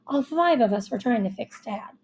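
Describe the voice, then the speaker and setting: A woman reading a first-person children's novel aloud with expressive, youthful storytelling. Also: on the high side, normal speed. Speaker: audiobook narrator.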